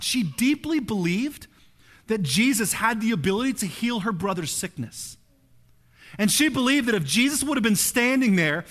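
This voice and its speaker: Animated pastor preaching, high man's voice. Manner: conversational, animated, asks "right?" often. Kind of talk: sermon.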